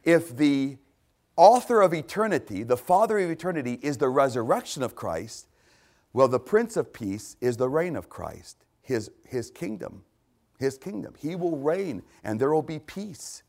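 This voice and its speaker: A middle-aged man preaching a sermon, repeating key phrases and swinging between loud declarations and hushed asides. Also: medium pitch, very animated, a little slow.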